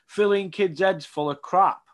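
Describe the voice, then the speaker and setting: Blunt man, higher voice. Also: unhurried. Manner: blunt and outspoken, full of tag questions. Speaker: boxing pundit. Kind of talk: casual opinionated interview.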